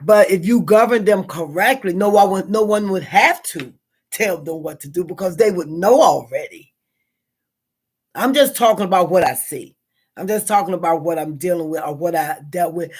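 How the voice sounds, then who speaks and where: A woman's voice: lowish voice, moderate pace, breathy edge. A woman with a Southern American accent hosting a live stream, talking through a casual reflection in a rambling way, with fillers and repeated words.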